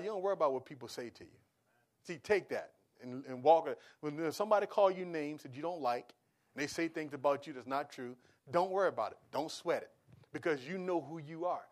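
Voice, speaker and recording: A man preaching a sermon in a casual, animated way, swinging from soft asides to loud exclamations. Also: a little high. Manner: casual conversational with laughs. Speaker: pastor.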